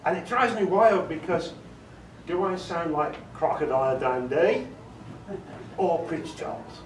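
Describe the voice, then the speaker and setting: The fairly high-pitched, measured voice belongs to a middle-aged voiceover artist from England. At a meeting before an audience he shares jokey stories and answers questions, chatting and laughing often. Sound is roomy and distant, with background noise.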